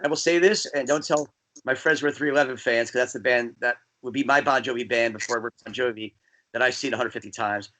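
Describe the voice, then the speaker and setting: A man from New Jersey, a guest DJ, chatting casually and telling rambling, animated stories. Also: medium pitch, fast talker. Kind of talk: casual podcast chat.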